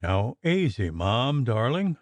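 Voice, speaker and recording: A man voicing a young maid who coaxes gently. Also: medium pitch, sing-song, slow, no room sound. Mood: soothing. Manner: soft, coaxing. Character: soothing young Irish maid.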